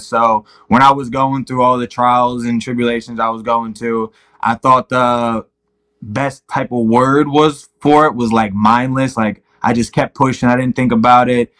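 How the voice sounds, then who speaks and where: A young man of mid-range pitch, a fighter guest on a podcast. He answers earnestly and easily, with filler ums as he thinks. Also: a bit bright. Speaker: guest, mixed martial arts fighter. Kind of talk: casual interview answers.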